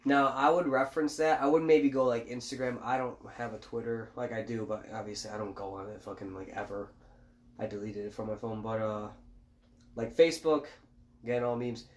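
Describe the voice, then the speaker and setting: Crude, loud young guy podcaster. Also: mid-range voice, steady tone, a little fast. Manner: loud, jokey, swears a lot, shouts and laughs. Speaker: podcast co-host. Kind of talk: crude casual chat.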